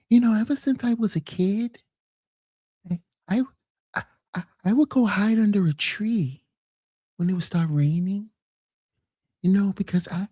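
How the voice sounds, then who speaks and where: Timid, hushed male pop star with a halting stammer, as a woman mimics him, lively little pitch lifts. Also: breathy edge, dry recording, clean studio sound.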